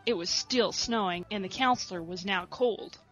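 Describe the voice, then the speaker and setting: Woman softly reading a story. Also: medium pitch, normal speed, muffled recording, loud music behind the voice. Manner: soft, steady reading. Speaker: reader. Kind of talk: storybook narration.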